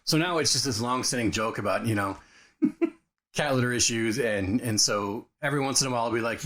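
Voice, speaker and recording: A man co-hosting a podcast, telling childhood stories in a casual, animated way and acting out the quotes. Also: medium pitch, brisk. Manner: animated storyteller, acts out quotes. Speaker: podcast co-host. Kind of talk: casual chat, storytelling. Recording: studio recording of modest quality.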